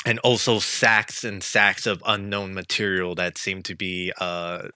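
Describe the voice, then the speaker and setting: A man narrating a tabletop game as game master, halting with many fillers. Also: low-pitched, little pitch movement, sharp tone, clear, resonant tone, no echo.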